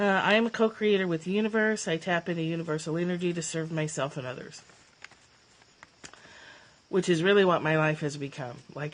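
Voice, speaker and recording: A woman chatting casually on a phone livestream, her slightly low voice choked up with tears. She gushes warmly, laughs often and keeps clearing her throat as she talks. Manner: emotional, teary and gushing, with frequent laughs and throat-clearing. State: teary, choked up. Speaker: livestream host, former therapist.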